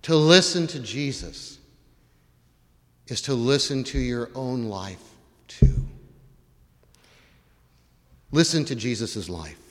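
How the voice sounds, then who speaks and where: A man's voice: mid-range voice, animated, slow pace, long pauses, in a large hall. A man preaching a sermon as pastor, putting repeated questions to his congregation. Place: church.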